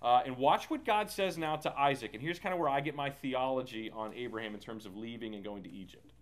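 A man's voice: medium pitch, fairly quick. A man leading a Bible study in a casual, talkative way, with many fillers and restarts. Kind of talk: casual teaching.

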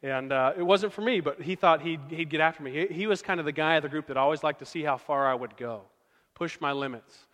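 A man's voice: a little high, a little fast, a bit bright. Man, pastor, conversational storytelling sermon, long hall reverb. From Oklahoma.

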